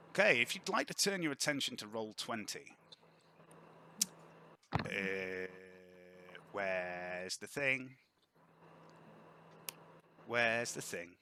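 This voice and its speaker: A man narrating a tabletop game as game master, with lively, descriptive delivery. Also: fairly low pitch, takes it slowly, long pauses, slight background noise.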